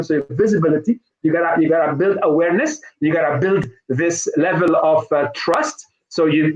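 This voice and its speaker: A man's voice: a little high, roomy sound, muffled recording. A middle-aged man, a sales trainer being interviewed live, telling stories with many restarts and fillers. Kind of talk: live online interview, conversational.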